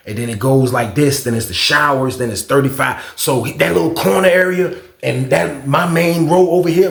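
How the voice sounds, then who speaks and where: A man telling a storytime on his vlog in a casual, profane, animated way, recorded in an echoey room. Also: medium pitch, gravelly. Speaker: vlogger.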